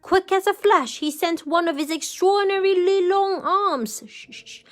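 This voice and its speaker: A woman with a voice that sits high reads a picture book aloud to children as a storyteller. She's animated and often pauses to ask them questions.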